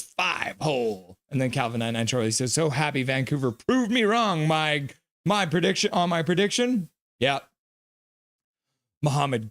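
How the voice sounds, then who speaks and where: A man's voice: fairly high pitch, dry recording, studio quality. A middle-aged man hosting a live stream, reading viewer comments aloud in a playful way and calling hockey play-by-play. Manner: breaks into quick play-by-play commentary. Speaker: livestream host reacting to a hockey game.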